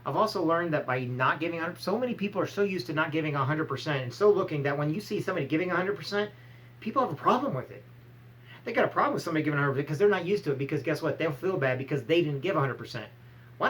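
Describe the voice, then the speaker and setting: A man's voice: a little high, a bit bright, poor audio. A man giving a blunt, emphatic motivational talk, firing rhetorical questions and acting out short scolding exchanges. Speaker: motivational speaker.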